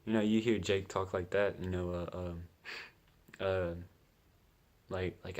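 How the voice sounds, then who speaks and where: Low, flat-voiced man reading scripture casually. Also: unhurried, pauses often. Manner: laid-back, chatty, peppered with "man" and laughs. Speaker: scripture teacher. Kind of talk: casual Bible commentary.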